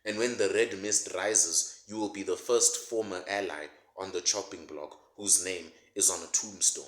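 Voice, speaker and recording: A man's voice: sits low, fairly even intonation, moderate pace. A man delivering a sarcastic, mocking comedic rant as a political commentator, laughing at his own jokes. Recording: roomy echo.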